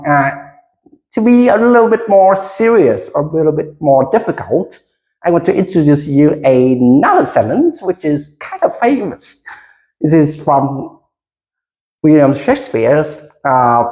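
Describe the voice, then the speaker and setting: Unhurried English teacher, hesitant, sing-song intonation, roomy classroom sound. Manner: slow, deliberate, with frequent hesitations; lively pitch, leading the class in repetition. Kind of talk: classroom micro lesson. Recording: roomy echo.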